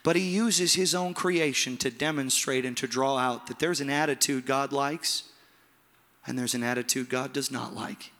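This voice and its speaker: Preaching man with a bright voice. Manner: preaching with dramatic pauses, soft low drops and rising emphatic calls. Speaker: pastor. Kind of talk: sermon. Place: large church hall. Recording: long hall reverb with piano behind. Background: soft piano.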